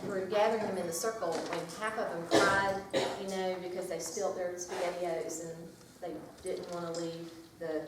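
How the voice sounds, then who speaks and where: A woman's voice: on the low side, normal speed, few pauses. Chatty woman teacher in an echoey room. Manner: lively, chatty, reads a picture book aloud. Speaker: teacher leading a workshop. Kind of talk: classroom workshop talk. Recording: echoey room from far off with noise.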